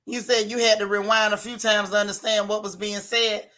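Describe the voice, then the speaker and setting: A woman's voice: medium pitch, flat delivery, fairly quick, bright, forceful tone. A woman with a Florida accent hosting a casual livestream, reading viewer comments and repeating her points with emphasis.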